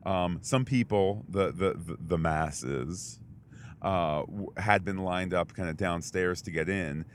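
Deep-voiced man rambling through a story. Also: slow pace, slight background noise. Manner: rambling storyteller, many fillers and restarts. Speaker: podcast co-host. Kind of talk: casual chat.

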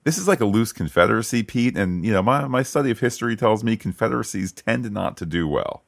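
Very low-voiced man, podcast co-host, animated recap chat, dry close sound. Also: fast, creaky, no echo. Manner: animated, many restarts and asides. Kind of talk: casual TV episode recap chat.

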